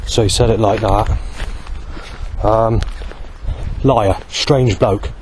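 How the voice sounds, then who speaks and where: Brief: low-voiced man, rambling vlog monologue, faint street noise behind. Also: fairly even intonation, slow pace, a little mellow. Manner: rambling, with many fillers. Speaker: vlogger. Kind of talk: walking monologue. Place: outdoors on a street.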